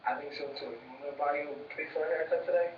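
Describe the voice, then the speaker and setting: A man's voice: a little high, steady tone, racing, lo-fi sound, slight background noise. A man with a Brooklyn New York accent, teasing and wisecracking in casual banter with his brother as co-host. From New York inner city.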